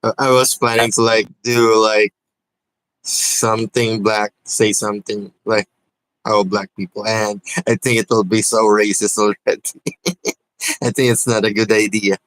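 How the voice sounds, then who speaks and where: A man co-hosting a casual podcast chat, asking his friend halting, teasing questions. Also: lowish voice, flat delivery, fairly bright tone, no echo, poor audio. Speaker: podcast co-host.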